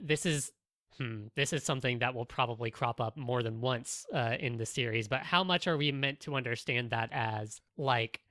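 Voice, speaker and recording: Bright-voiced podcast co-host, dry sound. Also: medium pitch, no echo. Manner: animated, many fillers and restarts. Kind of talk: casual podcast discussion.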